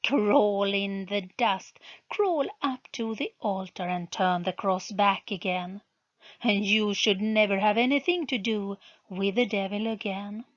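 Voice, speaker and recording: A woman's voice: medium pitch, a little slow, highs cut off, natural voice. A woman reading a storybook aloud, voicing a scornful, commanding young witch.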